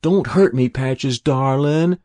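A man's voice: medium pitch, slow pace, dark tone, pitched above the performer's own voice, natural voice. A man voicing a group of mocking children who squeal and taunt a poor boy. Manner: squealing, sing-song taunts.

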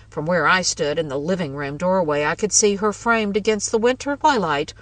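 A woman narrating a first-person ghost story in a measured, wry way. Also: fairly low pitch, dry recording, recorded from a distance, poor audio.

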